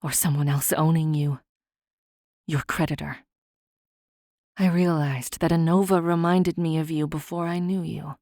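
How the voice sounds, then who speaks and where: A woman voicing a wounded, vengeful male Fae king in a low, hushed, menacing half-whisper for an audiobook. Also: steady tone, a little slow, long pauses, no echo, studio quality.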